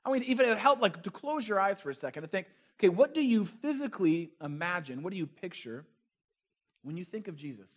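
A man's voice: high voice, animated, a little fast. A man preaching a sermon as a pastor, talking with the congregation in a conversational, playful way and asking them questions.

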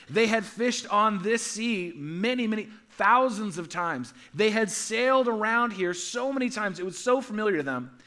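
A man preaching a sermon as pastor, animated, with humorous asides, his delivery swinging between loud emphasis and hushed softness. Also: high-pitched. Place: church sanctuary.

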